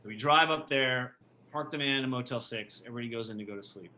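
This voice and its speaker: A man's voice: mid-range voice, fast talker, bright, forceful tone, slight background noise. A man, a musician and podcast guest, tells a tour story casually in a rambling, profane way with many restarts.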